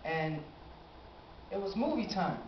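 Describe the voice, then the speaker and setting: An eighteen-year-old man telling a personal story on stage, animated and acting out his own reactions. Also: high voice, slow, slight background noise. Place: live stage in a small cafe venue. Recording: roomy, dull amateur live recording.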